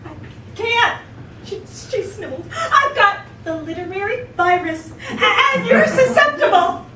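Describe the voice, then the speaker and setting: A woman's voice: sits high, lively intonation, normal speed, over a noisy crowd. An actress playing a melodramatic woman who narrates everything she says, in a theatrical, over-the-top manner. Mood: sobbing. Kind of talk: stage play acting. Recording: echoey hall, distant mic, noisy.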